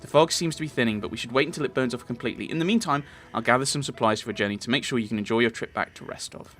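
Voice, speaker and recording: A man's voice: medium pitch, racing, a bit bright, faint music behind, close to an everyday voice. A man reading the lines of a weary, practical frontier trader from a game in his own everyday voice. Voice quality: plain unaltered reading voice. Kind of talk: reading game dialogue aloud.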